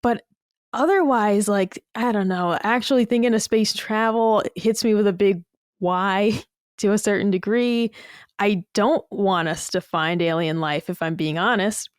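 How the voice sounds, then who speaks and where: A woman chatting casually on a podcast, blunt and animated, swearing freely. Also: mid-range voice, measured pace, clear, resonant tone, no room sound, clean studio sound. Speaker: podcast guest.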